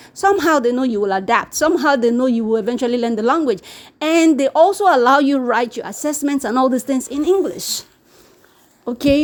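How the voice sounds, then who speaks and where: A woman vlogger chatting casually to camera, animated and repetitive, acting out the people she quotes. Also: high-pitched. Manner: animated, repeats words, mimics quoted people. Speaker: YouTube vlogger. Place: living in Brazil.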